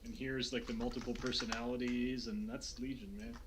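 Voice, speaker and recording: Hosting a streamed tabletop game, this game master chats loosely before the recap, full of fillers and restarts. His medium-pitched voice stays level and brisk over a noisy online call with keyboard clicks.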